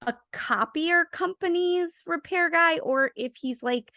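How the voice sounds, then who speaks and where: Woman, movie review co-host, high bright voice, wry jokey asides, dry close sound. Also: measured pace, no echo. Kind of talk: casual chat.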